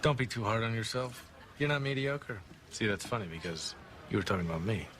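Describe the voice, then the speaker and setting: A man's voice: fairly low pitch, expressive, fairly quick, fairly bright tone, slight background noise. Cool, cocky male lawyer. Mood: sarcastic. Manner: cool, commanding, sarcastic. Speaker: confident lawyer in a TV drama. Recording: TV clip with music underneath.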